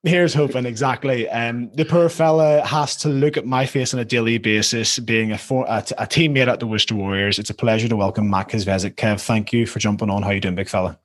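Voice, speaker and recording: A man's voice: fairly low pitch, fairly even intonation, a little fast, hardly any pauses. A man with a Northern Irish accent hosting a casual rugby chat, joking with his guests and filling gaps with ums. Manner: chatty and joking, with many fillers. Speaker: podcast host.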